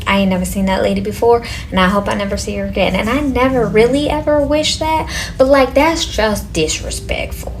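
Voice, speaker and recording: Woman waxer, mid-pitched voice, blunt and fed up, swears; faint room noise behind. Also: quick pace, hardly any pauses. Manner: exasperated, blunt, cursing. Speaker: waxing technician. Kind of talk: casual storytelling.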